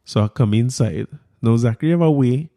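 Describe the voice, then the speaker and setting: A man hosting a podcast, telling a family story in a casual, animated way and laughing often. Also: medium pitch, fairly quick. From Trinidad and Tobago. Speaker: podcast host.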